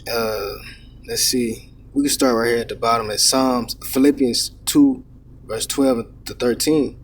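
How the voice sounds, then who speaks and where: A man preaching in an unhurried, casual way, reading verses and then explaining them. His voice is a bit husky and sits fairly high for a man. He sounds set back from the microphone. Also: fairly even intonation, recorded from a distance. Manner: reads verses aloud then comments, adds "man" and "all right?". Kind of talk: informal scripture teaching.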